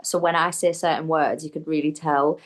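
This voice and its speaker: A woman's voice: low voice, fairly even intonation, a little fast. A young woman with a Geordie accent chatting as a podcast guest, laughing often and acting out her own quotes. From northern England. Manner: chatty, laughing, quotes herself in little scenes. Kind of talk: casual chat.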